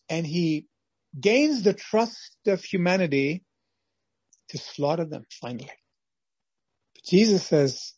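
A man's voice: a little high, lively intonation, slow, pauses often, darkish tone, breathy edge, no room sound, highs cut off. A man preaching a devotional sermon with dramatic storytelling that acts out little scenes. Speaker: pastor.

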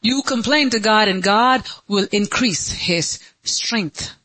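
Impassioned woman preaching, bright tone. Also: slow, no echo, rough recording. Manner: impassioned, swinging between high pleading cries and low hushed lines; laughs between lines. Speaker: pastor. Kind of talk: sermon.

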